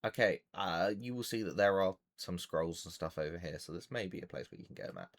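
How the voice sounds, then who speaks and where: A man's voice: low voice, brisk, creaky. A man narrating as game master for a tabletop game, rambling with many fillers.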